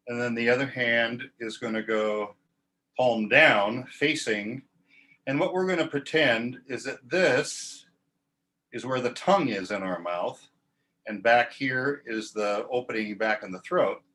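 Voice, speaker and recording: A man in a mid-pitched voice leads a choral warm-up, talking through breath and vowel placement and then modeling each sound. His delivery is calm and instructive, paced for a group following along. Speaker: choir teacher. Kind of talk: guided vocal warm-up lesson.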